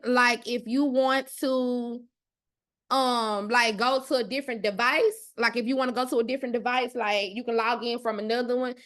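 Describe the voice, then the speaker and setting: A woman in her thirties with a Mississippi accent hosts a live online class. Her voice sits high, and she talks in a loud, brash, cussing way that stays playful and chatty. She is recorded on a computer mic in a live video session. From Mississippi, USA. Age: 30s. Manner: loud, profane, playful, talks straight to the chat. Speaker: host, online class teacher.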